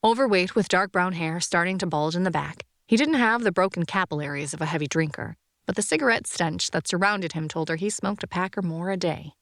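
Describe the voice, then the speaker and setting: A woman narrates a science fiction audiobook in an even, measured way. Her voice sits low with a gravelly edge. The recording is dry and close, with no room sound. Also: no echo.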